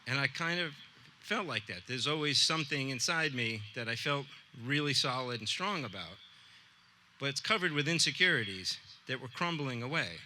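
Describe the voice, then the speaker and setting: A man, an art teacher, telling a personal story to a live audience in a relaxed, conversational way. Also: medium pitch, slight background noise. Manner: conversational, acts out dialogue with voices.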